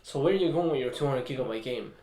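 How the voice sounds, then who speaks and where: A young man co-hosting a podcast in casual chat, blunt and quick with swearing retorts. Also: mid-range voice, warm tone. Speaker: podcast co-host. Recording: echoey room.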